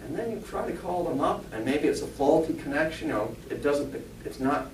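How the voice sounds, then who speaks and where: A man's voice: a little high, expressive, fairly quick, slight background noise. A man, a spiritualist minister and medium, giving an informal talk to a congregation, chatty and humorous, often asking the audience questions. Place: church hall. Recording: echoey church from a distant mic.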